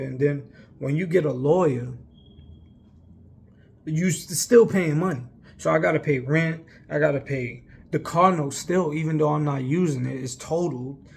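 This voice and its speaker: A man's voice: a little high, vocal fry, darkish tone, breathy edge. A young man telling a long personal story in a casual, rambling way, emphatic and full of fillers. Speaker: vlogger.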